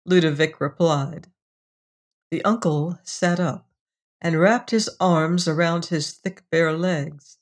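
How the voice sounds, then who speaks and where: A narrator reading a science fiction story in a calm, even manner. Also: medium pitch, a little slow. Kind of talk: audiobook narration.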